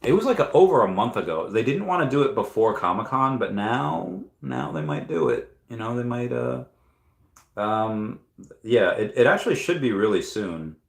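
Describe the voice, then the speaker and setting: Guy with a lowish voice rambling on a stream at home, lots of ums, echoey room. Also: sing-song, moderate pace, creaky. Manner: rambling, thinking aloud with many fillers. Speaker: crypto livestream host. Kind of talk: casual livestream chat, reading viewer comments aloud.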